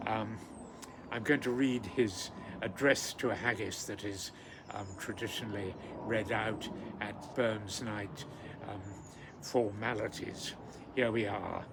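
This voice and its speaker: Slow gravelly guy reading old scottish verse, lots of ums, crickets chirping behind, noisy recording. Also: on the low side, fairly even intonation. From British Isles. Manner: hesitant, many ums and pauses, warm enthusiasm for the poet. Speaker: host of a daily poetry reflection. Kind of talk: reading poetry aloud with casual commentary.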